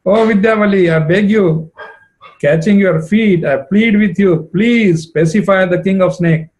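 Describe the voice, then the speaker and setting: A man's voice: high-pitched, a little slow, darkish tone, pitched above the performer's own voice, rough recording. Remorseful old woman begging forgiveness, slightly raised voice, as a man puts her on. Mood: pleading. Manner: begging, self-reproaching. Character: old mother-in-law woman, pleading, remorseful.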